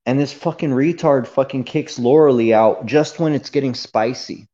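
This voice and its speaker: A man tells a long story on a livestream in a heated, profane, meandering rant, full of fillers and asides. His voice sits in a middle pitch. The recording is dull and lo-fi. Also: normal speed, mellow. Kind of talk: casual ranting monologue.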